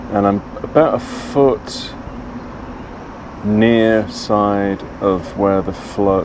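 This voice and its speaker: A man talking casually through his fishing, relaxed and thinking aloud at an outdoor riverbank. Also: deep voice, noisy background. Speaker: angler and channel host.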